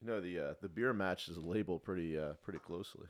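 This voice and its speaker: A man co-hosting a casual beer-tasting chat, laid-back and quick to laugh. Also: low-pitched. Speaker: co-host.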